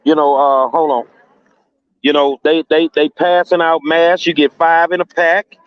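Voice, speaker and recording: A man's voice: a little high, level tone, measured pace, clear, resonant tone, no echo. Emphatic man on a dull phone line. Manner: emphatic, slangy, laughs often. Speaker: protester reporting from the street. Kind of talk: casual phone interview.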